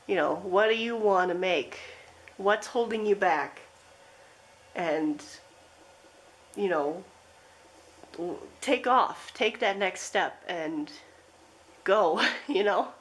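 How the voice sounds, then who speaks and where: Gentle rambling woman tarot reader. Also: mid-range voice, expressive, slow pace, long pauses, a little hiss or hum, poor audio. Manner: rambling, gentle, with frequent fillers and soft laughs. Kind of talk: pick-a-card tarot reading.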